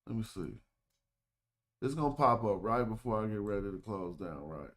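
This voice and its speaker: A man's voice: fairly low pitch, fairly bright tone. Man thinking aloud on a livestream. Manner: thinking aloud, sounding out words slowly. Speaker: livestream host. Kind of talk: casual livestream study talk.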